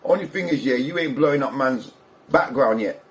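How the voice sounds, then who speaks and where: A man's voice: medium pitch, moderate pace. A man ranting bluntly to camera, slang-heavy and repetitive. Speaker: vlogger commentator. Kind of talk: casual rant to camera.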